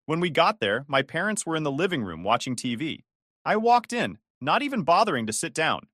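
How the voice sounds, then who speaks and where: A man's voice: fairly high pitch, sing-song, brisk, a bit bright, no echo, studio quality. A male text-to-speech voice narrating a first-person family drama story.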